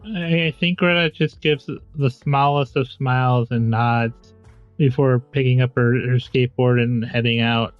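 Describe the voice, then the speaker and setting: A man's voice: medium pitch, fairly even intonation, measured pace, dry recording, dull audio, faint music behind. A man playing a tabletop role-playing game, eagerly explaining his character's moves. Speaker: player.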